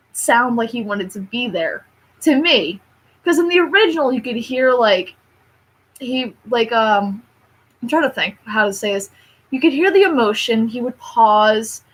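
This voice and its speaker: A woman's voice: fairly high pitch, poor audio. Chatty young woman ranting about a film. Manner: chatty, animated, frequent fillers and laughs. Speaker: movie reviewer. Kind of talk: rambling casual review.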